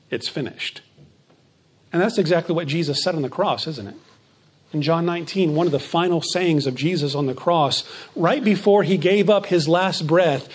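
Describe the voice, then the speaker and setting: Pastor, male, higher voice, emphatic sermon delivery that slows and softens for key lines.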